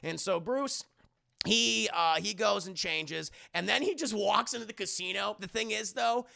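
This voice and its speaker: Guy on a stream recapping a cartoon ep, cusses a lot, keeps talking to chat, gravelly and pretty high-pitched. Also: moderate pace, sharp tone. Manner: rambling, cursing, talks to chat. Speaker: streamer reviewing a cartoon episode. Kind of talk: casual, profane live-stream recap.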